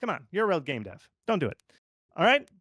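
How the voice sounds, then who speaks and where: Man, game marketing consultant, casual animated advice, slightly high voice, dry close sound. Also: fast, dry recording. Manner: animated and informal, lots of fillers like "like". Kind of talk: conversational expert commentary.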